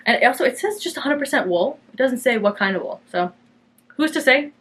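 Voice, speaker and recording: On her knitting podcast, a young Canadian woman rambles chattily to camera, restarting herself and leaning on fillers. The voice is husky, on the high side, animated and quick, and it brightens noticeably when she quotes what she once said.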